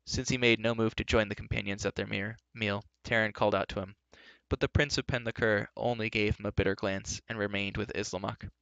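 A man narrating a live storybook reading in a steady, even way. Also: on the low side, a little fast, vocal fry, no room sound, muffled recording.

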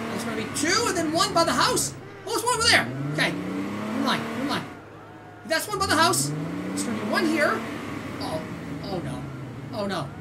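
High-pitched, excitable woman gamer. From Canada. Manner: excitable, squealing and shouting, laughs a lot. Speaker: gaming channel host. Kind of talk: excited let's-play commentary. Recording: distant mic with loud game noise.

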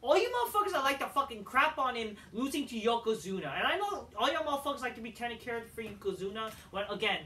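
A man's voice: very high voice, big pitch swings, fast, hardly any pauses, pushed and bright, distant mic, slight background noise. A man reviewing a wrestling show in a heated, profanity-laden rant.

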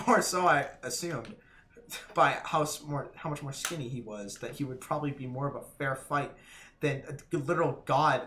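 A man's voice: mid-range voice, bright, forceful tone, a little hiss or hum. A man streaming a hard game live, swearing and laughing, his voice cracking. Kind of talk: live gameplay commentary.

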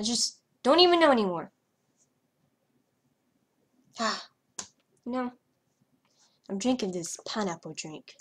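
A woman's voice: on the high side, big pitch swings, slow, pauses often, slightly rough. A young woman vlogger talking over her gameplay in a hyper, rambling way, trailing off and stuttering as she goes. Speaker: gaming vlogger. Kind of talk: casual commentary over gameplay.

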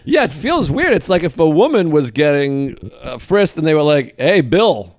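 A man's voice: on the high side, animated, normal speed, a little mellow, no echo, studio quality. A man in casual podcast chat, reacting playfully and making jokes.

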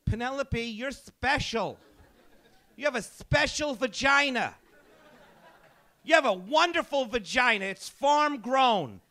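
A man's voice: extremely high pitch, expressive, slow, pauses often, pushed and bright, voice pushed up, full character voice. A man voicing a doting parent who gushes over-the-top praise at a pampered daughter in a stand-up bit. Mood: gushing.

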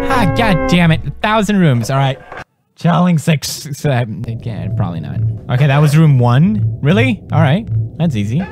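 Excitable swearing man playing a horror game. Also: fairly high pitch, moderate pace. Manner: loud, excitable, swearing, yelping at scares. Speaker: gamer. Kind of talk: gaming commentary. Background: game music.

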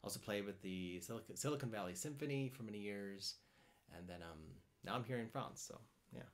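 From his home in France, a man hosts a cello live stream, talking briskly in a fairly low voice. He chats casually, reads out viewer comments and answers them, often repeating words as he thinks aloud.

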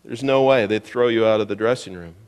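A man's voice: fairly low pitch, fairly quick, a little mellow, clean tone. A male pastor preaching a sermon in a conversational way, asking the congregation questions as he goes. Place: church sanctuary. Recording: church hall reverb.

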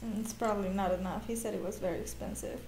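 A woman's voice: medium pitch, quick pace, mellow, a little hiss or hum. A woman hosting a reaction video, chatting casually, laughing often and exclaiming at what she watches. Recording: echoey room with music playing behind.

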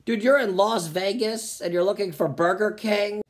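A man's voice: sits high, normal speed, few pauses. A male comedian in a vlog, reading online comments aloud and mocking them sarcastically.

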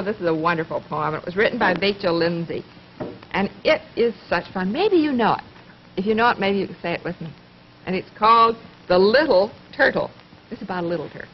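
A woman hosting a children's television show, speaking gently to young viewers, asking questions and pausing for answers, and reading poems aloud. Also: fairly high pitch, a little hiss or hum. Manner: gentle, coaxing, asks questions and pauses for answers. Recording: dull lo-fi 1950s television recording.

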